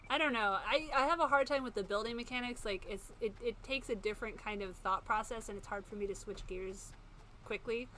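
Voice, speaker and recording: A woman's voice: on the high side, brisk, sharp tone. A woman in her thirties chatting casually while streaming a game, rambling and self-mocking with frequent laughs. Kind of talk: casual gameplay commentary. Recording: game sound noise in the background.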